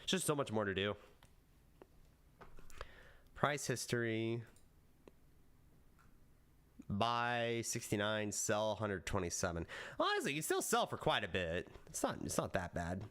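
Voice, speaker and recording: A male VTuber streams live, chatting casually with viewers and rehearsing lines for a video. He's unhurried with long pauses, jumping into high, excited bursts before dropping to low mutters.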